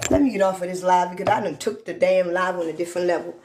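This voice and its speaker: A woman's voice: fairly low pitch, steady tone, fast talker, very noisy. A woman in her forties ranting on a live stream, swearing constantly and talking straight to her viewers. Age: 40s. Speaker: livestreamer. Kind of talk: profane live-stream rant.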